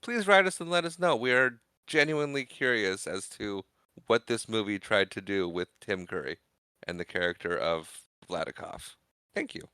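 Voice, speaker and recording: A man's voice: fairly low pitch, bright, forceful tone, smooth, no echo. A man co-hosting a podcast, recapping a film in casual, jokey chat. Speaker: podcast co-host.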